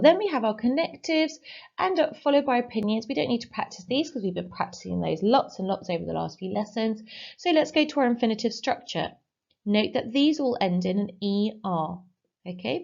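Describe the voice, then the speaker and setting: A woman teaching a recorded Spanish lesson, giving clear explanations and slowly modelling phrases for pupils to repeat. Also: on the high side, darkish tone, highs cut off. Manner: slow, clearly modelled pronunciation for repetition. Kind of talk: recorded online language lesson.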